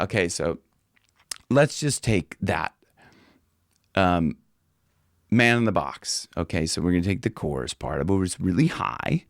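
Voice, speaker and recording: A man teaching singing in a loose, chatty way, slipping into high demonstration voices. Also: animated, unhurried, gravelly, pauses often, no echo, clean studio sound. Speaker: vocal coach. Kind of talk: casual singing lesson.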